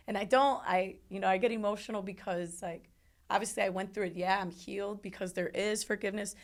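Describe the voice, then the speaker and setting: A woman telling a painful personal story in an interview, emotional and halting, with frequent restarts. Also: medium pitch, fairly even intonation. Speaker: interview guest.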